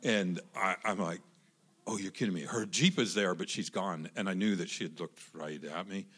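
A man telling a personal story in a casual, animated way, with lots of restarts and acted-out quotes. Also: low-pitched, normal speed, husky. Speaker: guest telling his love story.

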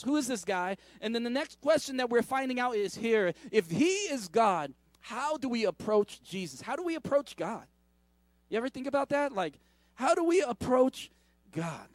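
A man preaching a sermon in a casual, conversational way, with many asides, restarts and quick questions to the congregation. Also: high voice, no room sound. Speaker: pastor.

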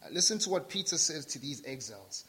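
A man's voice: a little high, sing-song, fast talker, fairly bright tone. Emphatic preaching man in a reverberant hall. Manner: emphatic preaching with repetition and humor. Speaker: pastor. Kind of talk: sermon.

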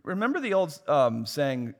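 A male pastor preaches with emphatic, repeated phrases and wry asides at his own expense. His voice sits a little higher than most men's. A long reverb trails behind him from a large hall. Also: very animated, moderate pace. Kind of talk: sermon.

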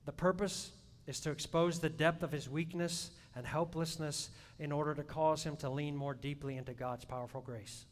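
A man preaching a sermon in a church, swinging between loud emphatic peaks and soft hushed asides. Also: fairly even intonation, moderate pace, few pauses. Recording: long hall reverb, faint rumble.

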